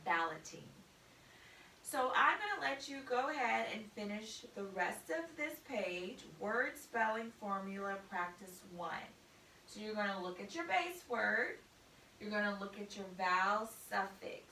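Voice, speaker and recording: A woman teaching a spelling lesson, spelling words out letter by letter in a slow, deliberate way. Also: medium pitch, lively intonation, pushed and bright, a little hiss or hum. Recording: echoey room, mic at a distance.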